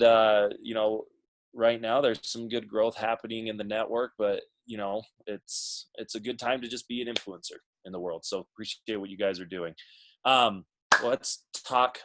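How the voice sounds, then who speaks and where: A man's voice: fairly low pitch, rough recording. A man in his thirties on a video call from a small home alcove, talking to a team in a friendly, chatty, self-deprecating way. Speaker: guest speaker, corporate mentor.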